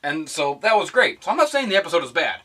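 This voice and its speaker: A man's voice: on the high side, very animated, quick pace, fairly bright tone, distant mic. A young man ranting to camera in a profane, sarcastic vlog. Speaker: vlogger. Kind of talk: animated rant to camera.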